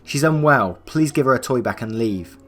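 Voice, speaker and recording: A man's voice: medium pitch, animated, normal speed, a bit bright, soft background music, voice pushed up, lightly acted. A man voicing a tired pleading mother. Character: worn-out young mother, pleading and firm.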